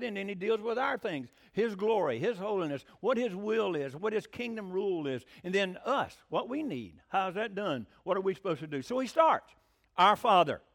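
A lively man preaches in a folksy, conversational way. His voice sits high and leaps around a great deal in pitch as he talks. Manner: animated, folksy, with swooping pitch. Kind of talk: sermon teaching.

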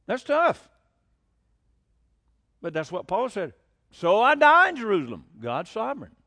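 A man preaching a sermon as pastor, animated, asking rhetorical questions and chuckling between points. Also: high voice.

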